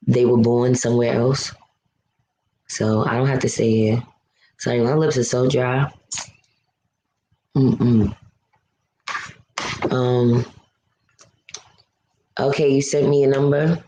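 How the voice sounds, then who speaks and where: A woman's voice: a bass voice, level tone, slow, long pauses, dark tone, reverberant, slight background noise, low-quality recording. A woman from New City, hosting a live stream and venting to viewers in a blunt, emotional, profane way. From New York City.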